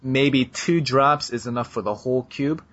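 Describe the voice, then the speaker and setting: A man's voice: medium pitch, normal speed, fairly bright tone. Guy cohosting a chat show, rambles with lots of ums, kinda muffled lo-fi audio. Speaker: podcast co-host. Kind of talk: casual chat. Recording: dull lo-fi sound.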